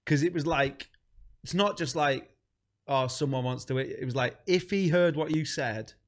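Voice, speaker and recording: Play a male comedian guesting on a podcast, chatting in blunt, sweary banter full of quick asides. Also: on the high side. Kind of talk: casual chat.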